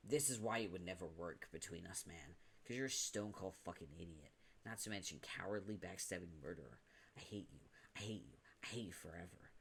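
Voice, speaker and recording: A man's voice: low voice, expressive, fairly quick, gravelly, a bit bright, breathy edge, voice pushed down, exaggerated voice. A man voicing a foul-mouthed, hot-tempered teenage troll boy in a dramatic webcomic reading, ranting with insults. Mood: bitter. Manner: angry, insulting rants.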